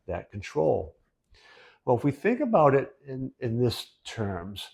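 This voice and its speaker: A man's voice: medium pitch, dark tone. A middle-aged man explaining school reform in a conversational way, often checking in with "right?" and restarting phrases. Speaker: education commentator. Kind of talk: casual explanatory talk to camera.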